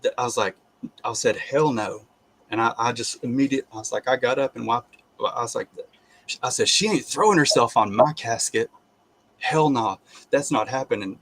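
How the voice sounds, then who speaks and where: Halting, animated man telling his testimony. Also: mid-range voice. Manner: halting, full of restarts, bursts into animated laughter. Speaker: guest sharing testimony. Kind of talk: casual spoken testimony.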